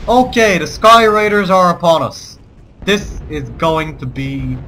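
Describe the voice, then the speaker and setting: A man narrates his war game with a bright, somewhat high voice. He slips between mock-heroic battle speeches and casual cursing asides. Faint game sound plays underneath. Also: animated, moderate pace, a little hiss or hum. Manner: theatrical in-character war speeches mixed with swearing asides. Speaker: let's play gamer. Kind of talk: gameplay commentary.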